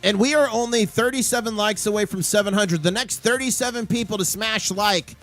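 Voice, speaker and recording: A man hosting a live stream with market commentary, excitable and rattling off prices and numbers. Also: high-pitched, fairly quick, soft background music. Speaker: livestream host.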